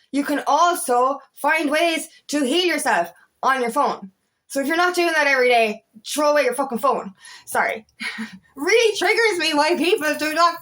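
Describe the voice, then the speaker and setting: A feminine empowerment coach from Ireland, with a Kerry lilt and a slightly high, somewhat bright voice, gives a casual spiritual pep talk in a vlog monologue. She gets passionate and fired up, swearing often, then apologizing and laughing about it.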